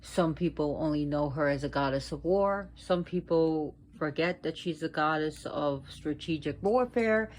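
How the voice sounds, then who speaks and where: Slow, low-voiced woman presenter. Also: a little mellow, a little hiss or hum. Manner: slow, deliberate, repeats pronunciations for emphasis. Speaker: video presenter on mythology and witchcraft. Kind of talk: casual educational talk to viewers. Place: at home.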